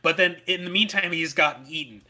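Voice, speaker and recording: A man co-hosting a casual podcast, recapping a film in an animated way and laughing often. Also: a little high, a little fast. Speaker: podcast co-host. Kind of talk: casual comedic chat.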